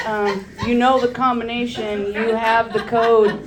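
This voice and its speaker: A woman's voice: fairly high pitch, level tone, a little slow, roomy sound. A woman in her forties doing a crude stand-up comedy set, telling loose stories and working the crowd from a club stage.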